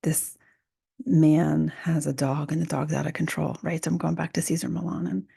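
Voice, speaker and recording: Woman, podcast host, gravelly fry, husky breath, hushed musing, dry close sound. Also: sits low, fairly even intonation, normal speed, dry recording. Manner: soft, often half-whispered, musing with restarts. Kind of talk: reflective solo podcast talk.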